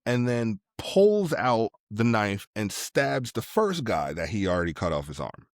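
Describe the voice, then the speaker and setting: A man with a low voice walks through an action movie scene by scene. He recaps casually and playfully, tossing in jokey asides. The recording is dry and close. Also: big pitch swings, unhurried, no room sound. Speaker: podcast co-host.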